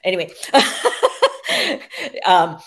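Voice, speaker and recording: Woman rambling thru her animal stories, mid-pitched, says you know a lot. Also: huge pitch swings, drawn-out words, a bit bright, breathy edge. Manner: rambling, filler-heavy, frequent "you know". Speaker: guest animal communicator and medium. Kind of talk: casual storytelling interview.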